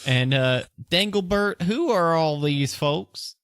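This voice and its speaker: A man's voice: lively intonation, slow, a bit bright, smooth, no room sound, studio quality, exaggerated voice. A man voicing an elderly female dwarf who works on the staff, speaking in a folksy drawl. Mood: defensive. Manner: folksy drawl, high put-on pitch.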